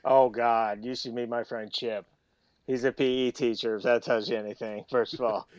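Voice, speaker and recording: A man's voice: medium pitch, fairly even intonation, normal speed, no echo. A man guesting on a podcast, telling stories animatedly and laughing as he goes, close to the mic. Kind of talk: casual storytelling.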